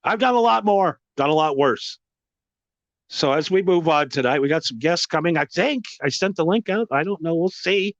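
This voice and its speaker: Podcast host, man, high-pitched, foul-mouthed emphatic rant, dry muffled lo-fi sound. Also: a bit bright, dry recording. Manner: profane, emphatic, repetitive ranting. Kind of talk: profane ranting monologue.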